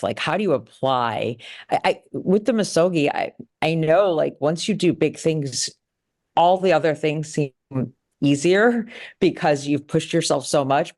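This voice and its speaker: A woman's voice: rumbling low, darkish tone. A woman moderating a panel, inviting guests to share their lessons. She speaks in an encouraging way and poses broad, open questions. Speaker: host and moderator. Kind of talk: panel discussion.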